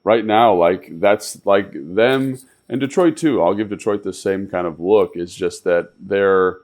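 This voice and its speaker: A man's voice: deep voice, a little slow, a little mellow. A man co-hosting a sports show, a former pro football player and coach, analyzing the game with an emphatic coaching tone. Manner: coaching tone, emphatic, repeats himself.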